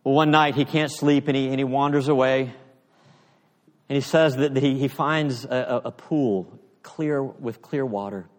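Guy preaching a sermon, tells the story all animated, keeps repeating himself, mid pitch, big echoey church hall. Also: normal speed. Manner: animated retelling with stumbles and repeated words. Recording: long echoey reverb, large hall.

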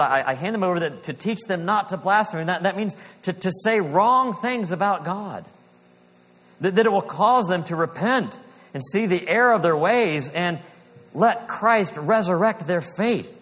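A man delivers a sermon from the pulpit, earnest and deliberate. His voice sits a little above the usual male range, and he slows down or sinks to a near-hush on the lines he wants to land. A long hall reverb rings after his words. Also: high-pitched, expressive. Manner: earnest preaching, slows for emphasis, drops to a hush on key lines. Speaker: pastor.

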